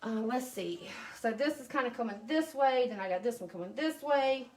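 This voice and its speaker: High-voiced Southern woman chatting live. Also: lively intonation, moderate pace. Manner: chatty, greets viewers by name, drawling. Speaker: craft live-streamer. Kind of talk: casual live-stream chat. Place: at home beside a Christmas tree.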